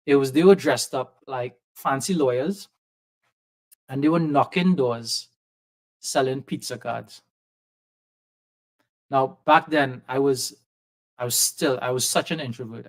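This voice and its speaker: Man with a softened Trinidadian accent. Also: medium pitch. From Trinidad and Tobago. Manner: lively anecdotal storyteller, acts out quoted voices. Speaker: podcast guest. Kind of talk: storytelling in a conversation. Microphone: video call setup.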